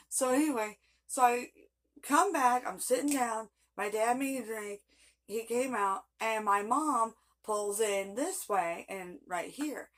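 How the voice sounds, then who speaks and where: A woman's voice: fairly high pitch, slow, a bit bright. A woman telling a long personal story in a casual vlog, rambling and chatty with frequent laughs. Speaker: vlogger.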